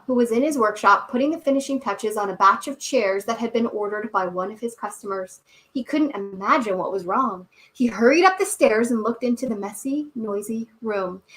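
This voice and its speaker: A woman's voice: medium pitch, fairly bright tone, far from the mic. A woman reading a children's story aloud and leading kids through yoga poses in an encouraging, cheerful way, recorded indoors on a camera mic. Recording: echoey room.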